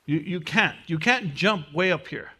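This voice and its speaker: A man's voice: fairly high pitch, a little slow, bright, forceful tone, slightly rough. A man giving a motivational seminar lecture, repeating and stressing key phrases for his class. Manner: repetitive, emphatic, drills key phrases; speaks from personal experience of prison. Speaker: mentoring class teacher.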